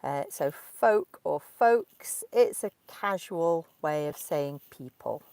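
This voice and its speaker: Slow, clear woman with a Derbyshire accent. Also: sits low, lively intonation, darkish tone, dry recording. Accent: Derbyshire English, clearly spoken. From Derbyshire, England. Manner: slow, clear teaching speech. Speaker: English teacher. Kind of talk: live Q&A for English learners. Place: inside a parked car.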